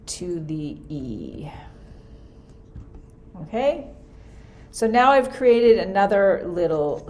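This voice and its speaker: A woman's voice: medium pitch, darkish tone. A woman teaching a music theory class in a screen-recorded lesson, casually thinking aloud as she works through an example. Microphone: computer mic for a screen recording.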